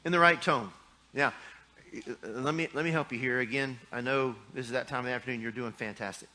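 A man's voice: mid-range voice, fairly quick, bright, forceful tone. A middle-aged man preaching a sermon in a folksy, joking way, acting out little scenes from married life. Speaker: pastor.

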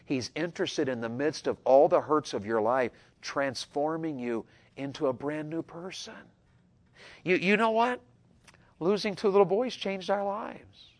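A middle-aged man, preaching a sermon to young people in an earnest voice that swings from loud urging to hushed tenderness. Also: on the high side, expressive, normal speed. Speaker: pastor.

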